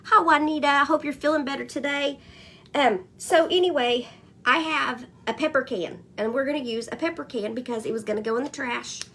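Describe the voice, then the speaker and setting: A woman's voice: high-pitched, brisk, fairly bright tone. A woman hosting a casual craft livestream, chatting and greeting viewers by name between stories. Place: home.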